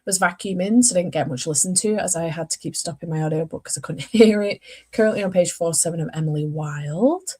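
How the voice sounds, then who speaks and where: A woman's voice: on the low side, fairly quick, darkish tone, breathy edge. A young woman chatting casually about her reading as a book vlogger, rambling, correcting herself and laughing often. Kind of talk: casual chat.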